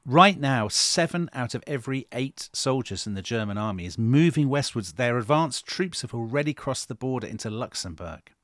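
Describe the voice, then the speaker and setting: A man tells history with real drama, co-hosting a podcast and throwing himself into the story. His pitch sits in the middle range for a man. The sound is dry and close. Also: normal speed, few pauses, no echo. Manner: animated, dramatic retelling with quoted voices. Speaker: podcast co-host.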